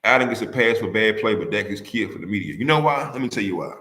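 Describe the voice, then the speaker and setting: A man's voice: on the low side, animated, quick pace, a bit bright, echoey room. A man hosting a casual sports talk livestream, arguing heatedly with rival fans, repeating himself and firing rhetorical questions at the audience.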